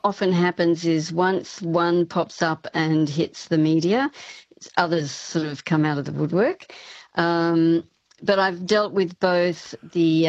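A woman's voice: fairly low pitch, no room sound, lo-fi sound. A woman speech pathology professor explaining her work as a radio interview guest, with frequent ums and restarts.

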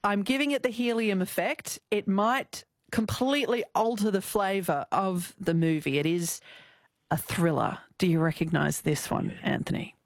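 A woman's voice: medium pitch, normal speed, no room sound, studio quality. A woman hosting a radio show, chatting playfully and laughing often. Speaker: radio host. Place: radio studio. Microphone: studio microphone.

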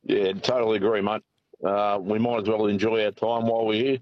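Australian male caller on a muffled phone line, low voice, friendly and halting. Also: flat delivery, dry recording. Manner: friendly, hesitant with many fillers. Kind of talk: casual phone call to radio. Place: in a car, driving.

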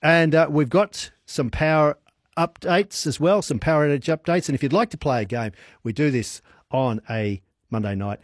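A man's voice: on the high side, no echo, clean studio sound. A man hosting an evening radio quiz, chatting with callers in an upbeat, chummy way. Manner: upbeat, chummy, quick banter. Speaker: radio host. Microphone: studio microphone.

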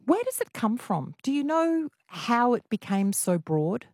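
A woman's voice: a little high, big pitch swings, a little slow, a little mellow, no echo, clean studio sound. A woman hosting a radio phone-in, chatty and teasing with her listeners. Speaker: radio talkback host.

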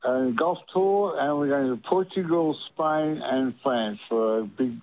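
A man calling in to a radio show, speaking slowly and cheerfully. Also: medium pitch. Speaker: caller. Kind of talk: casual phone-in chat. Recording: tinny phone line.

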